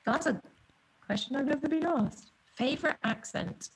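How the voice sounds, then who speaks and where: A woman's voice: high voice, moderate pace, rough recording. A woman with a non-American English accent, guest on a podcast, talking in a rambling, laughing, playful way over a remote call. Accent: non-American English, often taken for Australian. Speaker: guest singer. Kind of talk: casual podcast interview.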